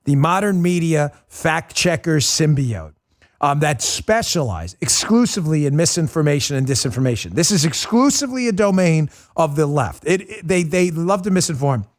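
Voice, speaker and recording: This male political talk-show host has a somewhat high voice for a man and lively intonation. He talks fast and combatively, with a sarcastic edge, pushing his points hard.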